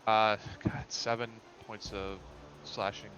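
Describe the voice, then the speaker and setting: A man's voice: on the low side, flat delivery, takes it slowly, a bit bright, muffled recording, a little hiss or hum. A man playing a tabletop game, dry and blunt, swearing freely. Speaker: player. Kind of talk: casual tabletop play.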